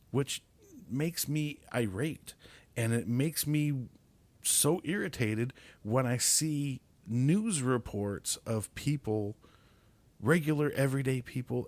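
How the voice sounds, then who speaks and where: A man's voice: mid-range voice, takes it slowly, darkish tone, dry recording. Male podcast host, solo rant, exasperated and foul-mouthed, dry close sound, mid-range voice. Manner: exasperated, swears constantly, repeats words when heated.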